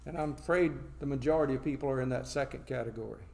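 A man preaching a sermon, reading scripture slowly and then explaining it in plain talk, asking and answering his own questions. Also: medium pitch, gravelly, darkish tone.

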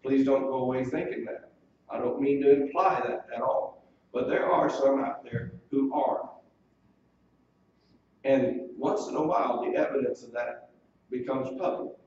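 A man's voice: medium pitch, fairly even intonation, unhurried, darkish tone. A male pastor preaching a sermon, earnestly explaining scripture and quoting it in old wording. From United States. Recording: distant mic in a very echoey room, dull lo-fi sound, faint hiss.

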